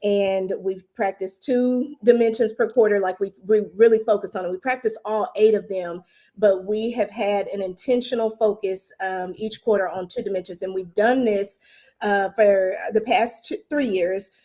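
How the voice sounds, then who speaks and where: A woman principal speaks on a panel in a mellow, warm-toned voice. She explains her points earnestly, in a clear and steady way. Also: mid-range voice, moderate pace. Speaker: school principal. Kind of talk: reflective panel talk.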